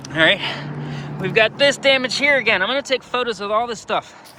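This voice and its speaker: A winded roofer talks through a damaged roof outdoors, his high voice bright and tense. He sounds fed up, pointing out each problem one by one as he catches his breath. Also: lively intonation, fairly quick, slight background noise. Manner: exasperated, explaining step by step. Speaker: roofing contractor. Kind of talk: on-site inspection walkthrough.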